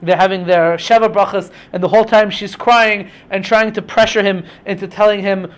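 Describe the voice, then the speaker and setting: A man's voice: sits high, steady tone, moderate pace. A man teaching through a casual retelling of a story, in a chatty way with many asides. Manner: chatty, with frequent fillers and asides.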